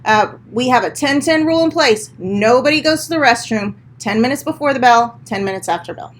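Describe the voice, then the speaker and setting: A woman's voice: on the high side, lively intonation, a little fast. Upbeat woman giving school announcements. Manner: upbeat, encouraging, addresses children directly.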